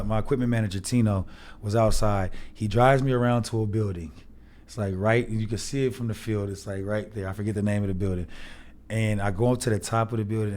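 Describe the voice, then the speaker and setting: A man in his thirties, a former football player, telling a rowdy story as a guest, acting out the people he quotes in a raised voice and swearing freely. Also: mid-range voice. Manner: animated, profane, acts out quotes with raised voice. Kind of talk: casual storytelling chat.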